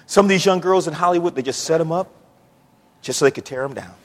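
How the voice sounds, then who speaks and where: A middle-aged man preaching a sermon in a church, emphatic and repetitive, building up to shouting. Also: a little high, fast talker. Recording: long church reverb.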